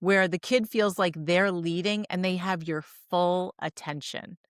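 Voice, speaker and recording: A woman's voice: fairly low pitch, fairly even intonation, measured pace, smooth, dry recording, studio quality. A woman guest on a podcast interview, talking in an earnest way and acting out quoted lines in her stories. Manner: earnest and warm with light laughs, acts out quoted lines. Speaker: podcast guest, divorce strategist. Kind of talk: conversational interview.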